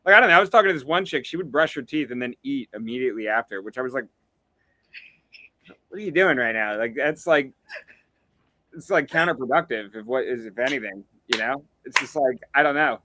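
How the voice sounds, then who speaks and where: A man's voice: mid-range voice, fast, pushed and bright, dry recording. A man chatting as a comedy guest, laid-back and rambling with lots of fillers. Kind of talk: casual comedic chat.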